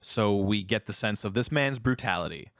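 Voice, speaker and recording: A man co-hosting a casual film review podcast, retelling scenes with animated energy and acting out characters' lines. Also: fairly low pitch, moderate pace, no room sound, clean studio sound. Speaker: podcast co-host.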